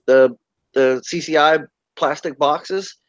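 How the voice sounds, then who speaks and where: High-voiced man, animated storyteller, casual online chat, muffled lo-fi audio. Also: takes it slowly, no echo. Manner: animated storyteller, quotes others with raised pitch. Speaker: chat participant sharing memories.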